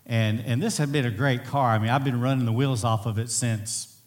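A man's voice: mid-range voice, fairly even intonation, brisk. A middle-aged man preaching a sermon to a congregation, telling stories in a folksy, self-deprecating way. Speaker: pastor.

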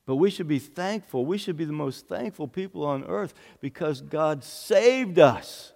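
A man's voice: a little high, expressive, measured pace, gravelly, a little mellow. A male pastor giving an earnest sermon, often repeating phrases for emphasis. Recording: long hall reverb.

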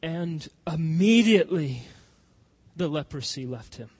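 A man preaching a sermon as pastor, swinging from loud impassioned cries to soft, hushed pleading. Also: fairly high pitch, lively intonation, measured pace, husky.

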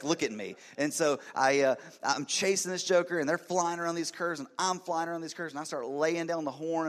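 Animated male pastor preaching. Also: mid-range voice. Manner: animated storytelling, swings from hushed to loud. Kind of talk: sermon. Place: church.

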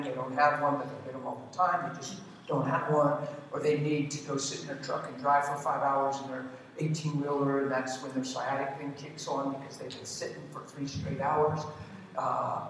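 A man's voice: a little high, a bit bright, slight background noise. A man preaching a sermon with emphatic delivery, putting questions to the congregation and throwing in joking asides. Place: large church hall. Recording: echoey hall from far off.

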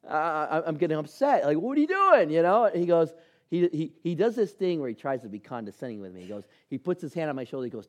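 A man preaching a sermon, telling personal stories and acting out the dialogue in them. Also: fairly high pitch. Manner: animated storyteller acting out dialogue. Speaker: pastor.

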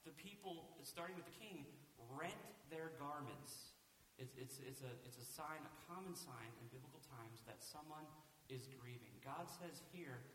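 Bright-voiced male pastor in echoey hall. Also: fairly high pitch. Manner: conversational preaching with rhetorical questions. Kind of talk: sermon. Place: church sanctuary. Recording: echoey hall, far from mic, faint hiss.

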